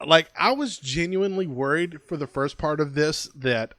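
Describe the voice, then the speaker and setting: A man's voice: on the high side, normal speed, hardly any pauses, fairly bright tone, no room sound, studio quality. A man co-hosting a podcast in a casual review chat, easygoing and rambling, laughing often. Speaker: podcast co-host.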